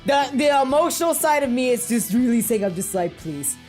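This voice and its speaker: A woman with a fairly high voice gushes emotionally in a casual fan chat, rambling through her thoughts with plenty of fillers. Faint music plays softly behind her. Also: lively intonation, fairly quick. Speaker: podcast co-host.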